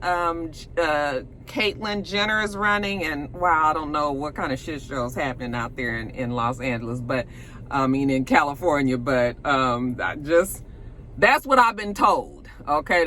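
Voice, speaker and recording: A woman's voice: low-pitched, bright, forceful tone, slight background noise. A woman hosting a gossip show from home, chatting casually and rambling to her viewers with lots of fillers. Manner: chatty, rambling, many fillers, addresses viewers as you guys.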